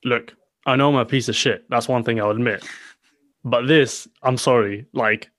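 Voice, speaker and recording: A man's voice: mid-range voice, fairly even intonation, moderate pace, fairly bright tone, no echo. An emphatic man co-hosts a casual podcast, pushing his points and leaning on filler phrases. The recording is dry and close, with no room sound. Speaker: podcast co-host.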